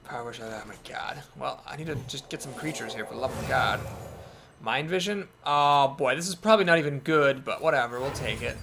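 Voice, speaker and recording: Gravelly, lively man thinking aloud. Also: fairly high pitch, background noise. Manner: thinking aloud, wry and self-doubting. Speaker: gameplay commentator. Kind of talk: casual game commentary.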